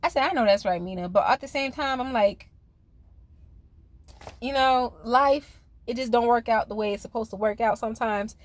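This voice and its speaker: A woman's voice: a little high, steady tone, moderate pace. A woman reviewing a reality TV episode in a casual, sassy, chatty way, speaking straight to her viewers. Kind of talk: casual recap commentary.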